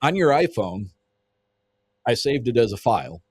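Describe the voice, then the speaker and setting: A man's voice: mid-range voice, big pitch swings, normal speed, a little mellow, breathy edge, no echo. A man telling a story in casual conversation as a podcast guest, vivid and swearing freely, acting out what people said.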